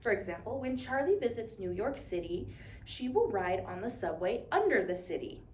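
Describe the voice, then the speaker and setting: A woman's voice: mid-range voice, very animated, normal speed, slight background noise. Young woman as a cheerful teacher, leading call-and-response, recorded in an echoey room. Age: young adult. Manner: upbeat, encouraging, call-and-response. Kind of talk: demonstration lesson to imagined class. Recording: echoey room, mic at a distance.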